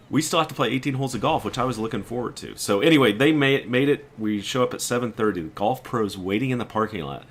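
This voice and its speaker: Low-voiced man telling a story. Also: husky. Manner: animated storyteller, quoting friends, exasperated asides. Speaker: gaming video creator. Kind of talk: casual storytelling.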